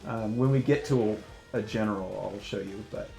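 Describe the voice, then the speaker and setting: A man's voice: fairly low pitch, moderate pace, vocal fry, warm tone, echoey room, soft background music. A man hosting a casual gaming chat, laughing often as he explains game mechanics. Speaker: gameplay host.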